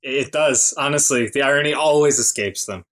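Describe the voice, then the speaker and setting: A man's voice: medium pitch, normal speed, fairly bright tone. A man co-hosting a podcast in casual chat, agreeing along and making his points one by one. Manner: agreeable, laughs along, argues points in order. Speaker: podcast co-host.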